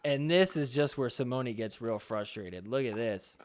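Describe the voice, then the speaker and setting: A man hosting a podcast who gives excitable, joking recap commentary over match clips and swears freely. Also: medium pitch, moderate pace. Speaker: podcast host.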